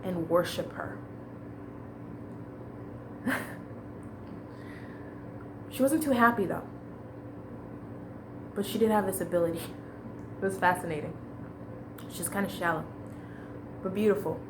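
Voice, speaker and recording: A woman's voice: fairly low pitch, measured pace, pauses often, noisy background. A woman telling a long personal story in a casual, rambling way, with fillers and restarts.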